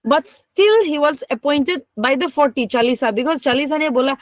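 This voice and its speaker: A woman's voice: high voice, brisk, no echo. A woman teacher, giving a classroom history lecture and firing rhetorical questions at her class. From Northeast India. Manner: emphatic, code-switching, asks the class rhetorical questions.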